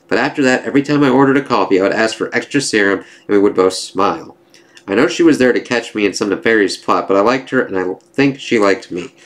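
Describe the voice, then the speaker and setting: A reflective older male ex-villain looking back calmly, in a low steady voice as a man reads comic dialogue aloud. He sounds thoughtful and quiet. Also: lightly acted.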